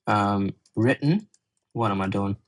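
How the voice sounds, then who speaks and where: A man's voice: on the low side, measured pace, poor audio. A man tutoring English in a casual exam walkthrough, chatty and often correcting himself as he thinks aloud.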